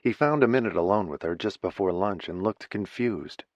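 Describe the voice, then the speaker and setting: A man narrating a novel in a steady, even reading voice. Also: sits low, moderate pace, no room sound, dull audio. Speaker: audiobook narrator. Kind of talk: scripted narration.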